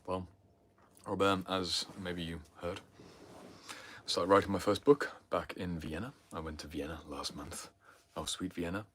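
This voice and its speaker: Very deep, husky-voiced man hosting a livestream. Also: fairly even intonation, unhurried. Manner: intense, often sinking into a breathy near-whisper; swings between loud emphasis and hushed asides. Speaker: host answering viewer questions. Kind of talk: livestream Q&A talk.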